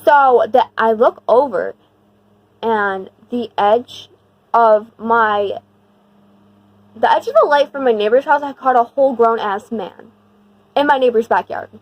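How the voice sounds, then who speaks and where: Young woman vlogger, fairly high voice, slangy and rambling, emphatic storyteller, dry close sound. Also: a little slow, pauses often, no room sound, dull audio. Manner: slangy, rambling, heavy use of "like"; animated and emphatic when retelling the scary part. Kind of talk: casual storytime.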